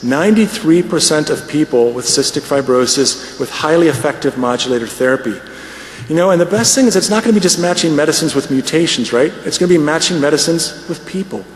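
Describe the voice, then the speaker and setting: Man presenting at a conference plenary, slightly high voice, long hall reverb. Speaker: conference speaker. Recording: echoey hall with faint noise.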